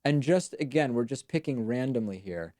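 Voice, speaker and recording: A man hosts a live stream, chatting casually and making dry, wry remarks. His voice is mellow and mid-pitched, and the recording is close and dry. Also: lively intonation, normal speed, no echo.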